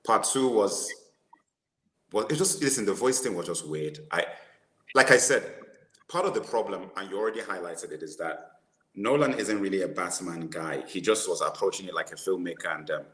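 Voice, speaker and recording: A man co-hosting a casual movie discussion, talking in an animated way, restarting his sentences and laughing at his own jokes. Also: low voice, normal speed, roomy sound, rough recording. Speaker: podcast co-host.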